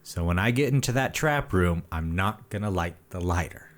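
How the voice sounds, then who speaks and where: A man's voice: deep voice, normal speed, background noise. A man giving sardonic let's play commentary on a horror game. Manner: sardonic, animated. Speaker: gamer.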